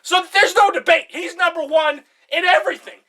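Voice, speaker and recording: Breathless, high, bright-voiced young man. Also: normal speed. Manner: over-the-top passionate, bursts into shouting. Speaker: comedic presenter. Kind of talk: mock-serious comedic presentation.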